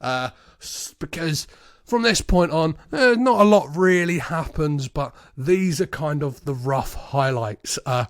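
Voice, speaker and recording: A man's voice: a little high, animated, a little slow, no room sound, clean studio sound. Sweary man mocking a film. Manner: sweary, mocking, laughs often. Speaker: podcast host. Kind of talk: casual film review.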